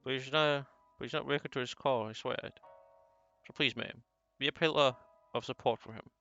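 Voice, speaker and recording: Older male shopkeeper, read by a man: gruff, kindly, confiding; bright tone, dull lo-fi recording. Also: medium pitch, fairly even intonation, normal speed, faint music behind.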